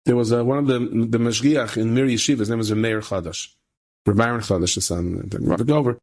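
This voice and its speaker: A rabbi telling a story in an animated sermon style, repeating phrases for emphasis and jumping into high voices for the characters. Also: male voice, fairly quick, faint music behind. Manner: animated, acts out characters with sudden high-pitched quoted voices.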